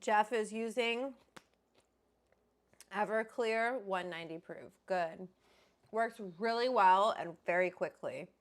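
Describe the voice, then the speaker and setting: Slow-talking woman hosting a livestream. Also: mid-range voice. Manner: chatty and rambling, greets viewers by name. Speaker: host. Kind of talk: casual livestream chat.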